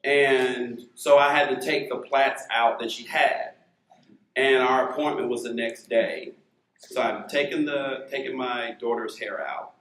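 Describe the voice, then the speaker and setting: Man, panel moderator, animated storyteller, roomy hall sound. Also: medium pitch, unhurried. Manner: animated, acts out quoted voices. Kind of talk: storytelling then posing a question. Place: lecture hall.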